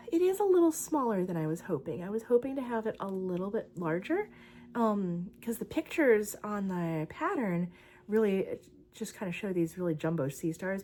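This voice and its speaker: A young woman chats her way through a crochet vlog in a loose, rambling manner. She fills her talk with likes and ums while showing her yarn. Her pitch sits in a middle range for a woman. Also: a little mellow, a little hiss or hum. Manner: chatty, rambling, many fillers and likes. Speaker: crochet vlogger. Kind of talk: casual craft vlog chat.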